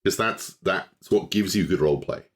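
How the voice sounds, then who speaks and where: A man's voice: low voice, moderate pace, breathy edge. A man co-hosting a tabletop game podcast, speaking in a wry, witty and articulate way. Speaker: podcast co-host. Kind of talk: casual chat about tabletop games.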